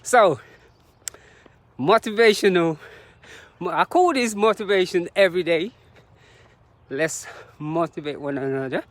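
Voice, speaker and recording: A man's voice: high voice, measured pace, long pauses, dry recording. A man talking to the camera while jogging outdoors on a road, slightly out of breath and sharing reflective, motivational thoughts with frequent laughs. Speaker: vlogger. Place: outdoors on a road beside traffic.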